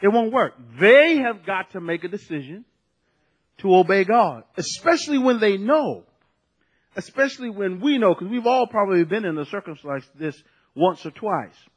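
Pastor guy preaching, pretty high voice, laughs a lot, repeats himself, radio sermon. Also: lively intonation, moderate pace, husky.

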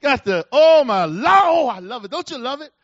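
A man preaching a sermon, swinging between loud shouts and hushed, intimate lines. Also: extremely high pitch, normal speed, no echo, muffled recording. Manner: animated, swings from shouts to near-whispers.

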